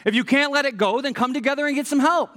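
Earnest pastor preaching in a hall. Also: male voice, very high voice, quick pace, bright, forceful tone. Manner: earnest, repeats phrases for emphasis, wry asides. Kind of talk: sermon.

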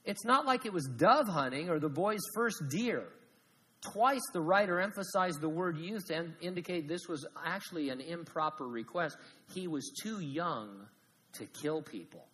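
A man preaching a sermon as pastor, animated, swinging from loud emphasis to hushed asides with jokes. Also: fairly high pitch, moderate pace, big-room sound, rough recording.

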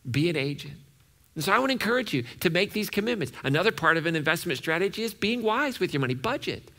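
A man preaching a sermon as pastor, animated and acting out the voices he quotes. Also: fairly high pitch, creaky.

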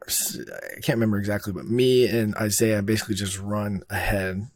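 Laid-back man with a lower voice. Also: normal speed. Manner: rambling, laid-back, heavy on fillers and swearing. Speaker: filmmaker telling a production story. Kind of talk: casual storytelling.

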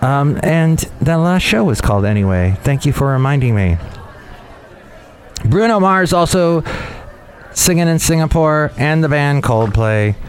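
Slow chatty podcast guy, keeps wandering off and fixing what he just said. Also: fairly high pitch, expressive, a little hiss or hum. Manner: meandering, self-correcting, chatty. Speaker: podcast host. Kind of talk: casual rambling chat.

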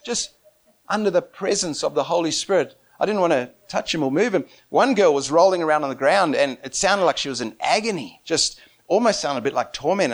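An excitable man preaching in a high voice with a very lively, swooping pitch. He tells his story in an animated way, laughs often and drops to a hush before jumping back up loud. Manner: excitable, laughing often, big swings in loudness.

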